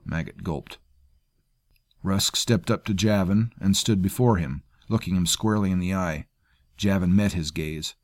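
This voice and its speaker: A man with a very deep voice narrates a dark fantasy story in a dramatic, measured way. The recording is dry and close, with no room sound. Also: no room sound. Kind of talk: scripted audiobook narration.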